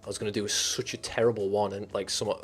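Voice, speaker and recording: A man's voice: fairly low pitch, little pitch movement, quick pace, slightly rough, soft background music. A young man hosting a livestream, chatting loosely with viewers and rambling through filler words and restarts. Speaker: livestream host. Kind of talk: casual rambling livestream chat.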